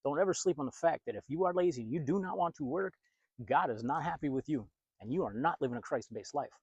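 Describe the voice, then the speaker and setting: Blunt, husky-voiced preaching man. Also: on the high side, lively intonation, fast, darkish tone, no echo, dull audio. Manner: blunt, emphatic, confrontational. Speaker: pastor and video host.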